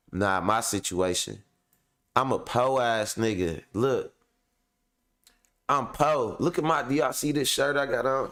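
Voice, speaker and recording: A man with a medium-pitched, fairly bright, clean voice hosts his own online show and vents at length to his viewers. He rambles in a frustrated, profane way, addressing them directly and using lots of fillers.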